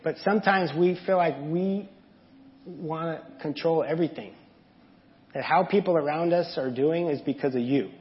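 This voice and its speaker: A man's voice: on the high side, moderate pace. A man giving a candid, conversational sermon to a congregation, asking them questions and adding asides. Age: adult parent. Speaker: preacher. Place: church sanctuary. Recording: dull audio with long hall reverb.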